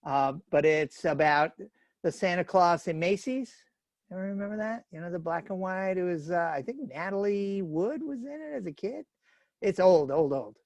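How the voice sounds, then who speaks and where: A man's voice: high-pitched, expressive, normal speed, darkish tone, no echo. Chatty man giving a folksy webinar talk. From New York area. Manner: chatty, folksy storytelling with fillers. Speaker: webinar speaker.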